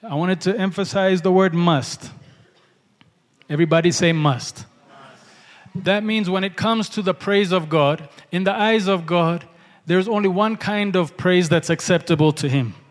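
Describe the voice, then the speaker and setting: A man's voice: high-pitched, moderate pace, in a large hall. A man preaching a sermon, emphatic, calling out hallelujah and asking the congregation to respond.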